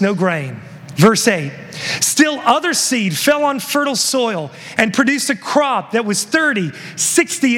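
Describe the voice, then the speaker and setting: A man preaching a sermon and reading scripture, emphatic and rising to shouted peaks. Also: very high-pitched, long reverb tail. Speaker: pastor.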